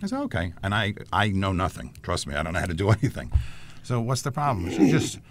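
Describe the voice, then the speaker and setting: Man, co-host, low voice, chatty storyteller, self-deprecating. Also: big pitch swings, fast, slight background noise. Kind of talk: casual talk show storytelling.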